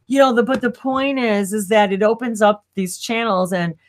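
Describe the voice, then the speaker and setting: A woman co-hosting a live spiritual stream, talking casually over a video call, rambling and cutting herself off with quick laughs. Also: fairly high pitch, fairly even intonation.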